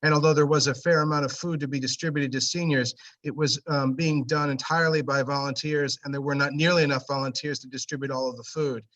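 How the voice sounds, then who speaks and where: An earnest man speaks haltingly at a virtual meeting, restarting his sentences often. He sounds a little far from his microphone. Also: on the high side, steady tone, a bit bright. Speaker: meeting participant. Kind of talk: public comment at a virtual meeting.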